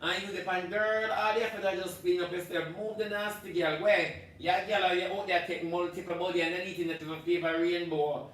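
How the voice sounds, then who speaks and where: A Jamaican man hosts a live stream with a loud rant in Patois. His voice is bright and forceful. He sits back from the mic in a very echoey room with a faint hum behind him. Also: fairly even intonation, a little fast, few pauses, far from the mic. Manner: loud ranting in Jamaican Patois, swinging between shouting and low muttering.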